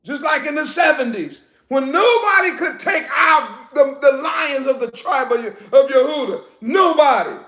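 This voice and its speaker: A man preaching a sermon in a loud, emphatic, laughing way, with slangy street talk, in an echoey room. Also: extremely high pitch, expressive, measured pace, few pauses.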